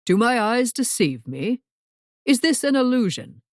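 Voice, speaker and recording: A woman's voice: on the high side, very animated, unhurried, a little mellow, no echo, studio quality, voice pushed up. Brief: woman voicing a formal, theatrical wizard clerk, fussy, audiobook. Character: fussy, dramatic older male wizard clerk.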